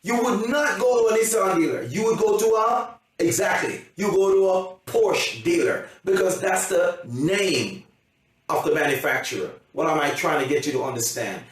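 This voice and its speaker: A man's voice: sits high, expressive, moderate pace. A man giving an emphatic motivational seminar talk as a coach, often repeating himself and checking that his audience understands. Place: seminar room. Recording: heavy echo, from a distance.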